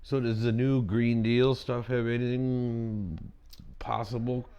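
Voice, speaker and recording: A man's voice: medium pitch, level tone, slow pace, dark tone, smooth, dull audio. A man hosting a podcast, asking short questions and reacting casually. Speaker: podcast host. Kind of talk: casual interview.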